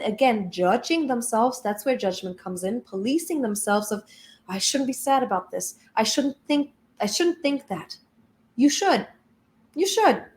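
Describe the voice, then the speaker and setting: A woman spiritual coach giving an emphatic, blunt motivational talk with casual swearing. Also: fairly high pitch.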